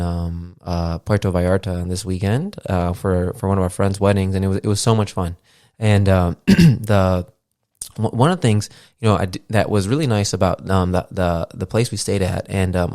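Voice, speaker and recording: A man's voice: deep voice, a little mellow, dry recording, studio quality. A man in his thirties hosting a podcast, chatting loosely with lots of fillers and casual swearing. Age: 30s. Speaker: podcast host. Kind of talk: casual rambling monologue. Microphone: podcast mixer setup.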